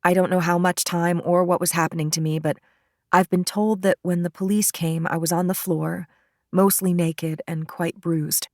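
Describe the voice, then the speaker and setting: Woman narrator as a shaken female witness, halting, low voice, dry close read. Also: little pitch movement, no room sound, close to an everyday voice. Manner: halting, hesitant testimony.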